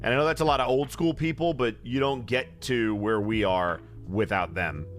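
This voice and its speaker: Animated man chatting in a live Q&A. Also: normal speed, faint music behind. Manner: animated and joking, often jumps in pitch. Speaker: voice actor signing autographs. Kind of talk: casual live Q&A chat.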